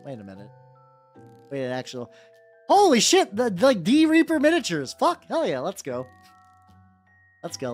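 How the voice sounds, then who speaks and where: A man streaming while he paints miniatures, chatting casually with viewers in an animated, rambling way and repeating his greetings. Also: on the high side. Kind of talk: casual livestream chat. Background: faint background music.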